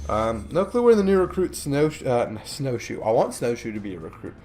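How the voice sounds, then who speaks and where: A man's voice: medium pitch, big pitch swings, fairly quick, a little mellow. A man casually commentating a warship game replay, joking and chatty with many fillers, sleepy from recording in the morning. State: sleepy, yawning. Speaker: gameplay commentator.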